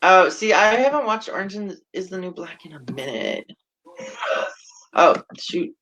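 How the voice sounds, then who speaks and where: Man hosting a casual live stream, hesitant rambling delivery, unhurried pace, bright lively voice. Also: high-pitched, rough recording. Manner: hesitant, rambling, sprinkled with fillers and swearing. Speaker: talk show host.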